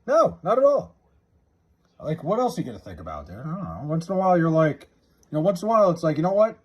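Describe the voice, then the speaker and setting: Male streamer, husky voice, lively pitch, loose profane chat with viewers, drawls out joke names. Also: quick pace, dull audio. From New York area. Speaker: livestreamer. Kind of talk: casual live stream chat, reading viewer comments. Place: his house.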